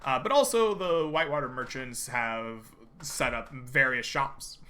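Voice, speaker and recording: A man's voice: medium pitch, a little slow, bright, forceful tone. A man running a tabletop game as game master, explaining the setting with an easygoing manner.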